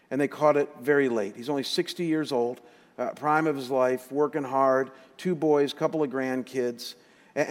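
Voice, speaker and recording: Pastor preaching in a reverberant hall. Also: male voice, medium pitch. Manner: emotional, animated retelling with quoted dialogue. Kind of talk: sermon storytelling. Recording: long reverb of a large hall.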